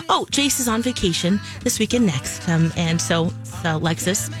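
A woman co-hosting a morning radio show in casual chat, chatty and bubbly with quick asides, on a studio microphone. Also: lowish voice, lively intonation, soft background music.

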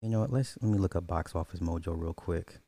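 A man with a low, warm voice hosts a casual live podcast, talking loosely and answering his chat as he goes. He restarts sentences often and keeps a relaxed, conversational pace. The sound is close and dry. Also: fast, no echo. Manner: loose, rambling, talks back to chat, frequent restarts.

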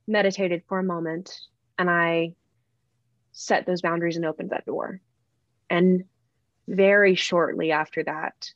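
A woman's voice: fairly low pitch, no echo. A woman, a podcast guest, telling a personal story in an earnest, rambling way, often restarting and correcting herself. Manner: earnest and heartfelt. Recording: dull, slightly lo-fi dry sound.

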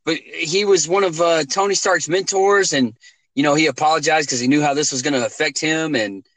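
A man's voice: on the high side, a little fast, fairly bright tone, no echo, poor audio. A man in a casual movie chat, speculating and arguing his points. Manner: argumentative, speculative.

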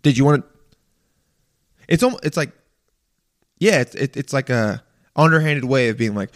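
A man delivering an animated, profane rant in a casual monologue, stammering and restarting often. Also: medium pitch, normal speed, pauses often. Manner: profane, exasperated, animated ranting.

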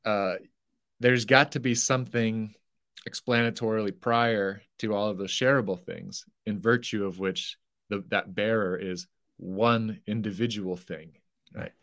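A man explaining medieval philosophy on a podcast in a careful, self-correcting way. His voice sits somewhat low. The recording is dry and close, with no echo. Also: steady tone, a little slow, a bit bright. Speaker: philosophy guest.

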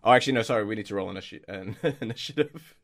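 A man's voice: fairly low pitch, very fast, vocal fry, heavy background noise. A man narrating as game master in a tabletop game, hesitant with many fillers and restarts.

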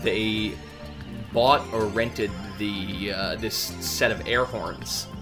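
A man co-hosting a podcast in casual, halting, rambling chat. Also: fairly low pitch, music in the background. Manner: rambling, halting, laughs often. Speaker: podcast co-host.

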